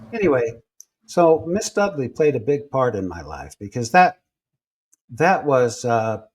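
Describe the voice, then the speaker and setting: A man telling personal stories in a relaxed interview, acting out the people he quotes as he goes. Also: on the low side. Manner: animated storyteller acting out quoted voices. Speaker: guest. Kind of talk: storytelling in a conversational interview.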